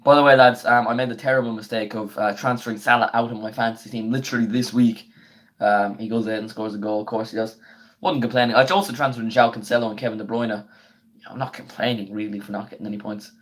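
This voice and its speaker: A young man, his voice going hoarse, chatting casually on a live football watchalong and breaking into excited play-by-play of the action. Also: on the low side. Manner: chatty and slangy, bursts into quick excited play-by-play. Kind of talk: casual live stream chat with match commentary.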